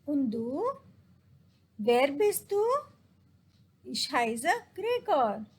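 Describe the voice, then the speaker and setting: A woman teaching a casual German lesson in English, reading German phrases slowly and explaining each one. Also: high-pitched, big pitch swings, breathy edge, low-quality recording.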